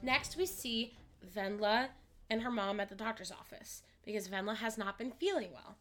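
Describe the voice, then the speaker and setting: Chatty woman podcaster, kinda high voice, swears a lot, acts out lines, music under it. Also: normal speed. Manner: animated, profane, acts out characters' lines. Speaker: podcast co-host. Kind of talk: casual chat retelling a musical's plot.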